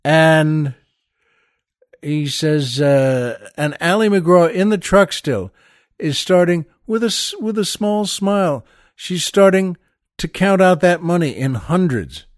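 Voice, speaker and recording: Slow, rambling man telling stories. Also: on the high side, expressive, dry recording, clean studio sound. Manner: rambling, with many "uh"s and restarts, addressing listeners as "folks". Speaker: podcast host. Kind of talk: casual storytelling monologue.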